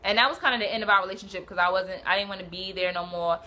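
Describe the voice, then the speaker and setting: A young woman from Brooklyn, telling a personal story in a casual, animated, slangy way and acting out what people said. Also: medium pitch, racing. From Brooklyn, New York. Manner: animated, swearing, slangy, acts out quotes.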